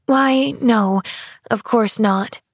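A woman's voice: fairly high pitch, extremely slow, dry recording, clean studio sound, exaggerated voice. A woman voicing a cheerful, eager little girl who gushes breathlessly in a storybook reading. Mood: gushing. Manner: gushing, breathless and exclamatory.

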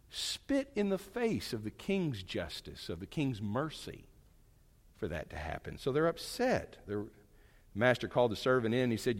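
Male pastor, conversational sermon storyteller, lively delivery, roomy reverberant hall. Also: medium pitch. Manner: conversational, animated storytelling with asides.

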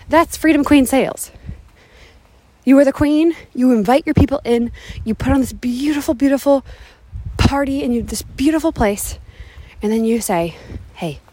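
A woman's voice: sits high, darkish tone. A woman business coach hosting a motivational podcast, talking emphatically outdoors in the wind, holding her microphone with her hand cupped around it. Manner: enthusiastic, emphatic, repeats phrases for emphasis. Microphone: handheld mic with cupped hand.

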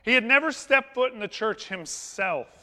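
High, bright-voiced male pastor preaching. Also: lively intonation, moderate pace. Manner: conversational, anecdotal, warm humor. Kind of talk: storytelling sermon. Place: church sanctuary. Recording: long hall reverb in a church.

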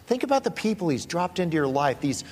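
Lively husky man preaching in a hall. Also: sits high, fast. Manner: animated, playful storyteller acting out quotes. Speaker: pastor. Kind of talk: sermon storytelling. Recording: long reverb of a large hall.

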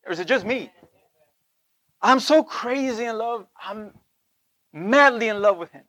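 A man with a fairly high voice preaches to his listeners, spinning a personal story with bursts of laughter. The sound is close and dry, with no room around it. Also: a little slow, no echo. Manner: animated storytelling with laughs and frequent "right?".

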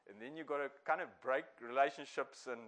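A man preaching a sermon to his church in a relaxed, conversational way with frequent restarts. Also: medium pitch, brisk, poor audio. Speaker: pastor.

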